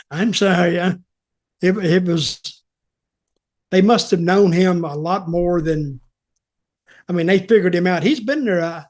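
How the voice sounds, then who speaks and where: An older man spins a casual story, his voice sitting fairly high. He retells conversations animatedly, acting out the quotes and chuckling as he goes. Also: a little mellow. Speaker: storyteller and show guest.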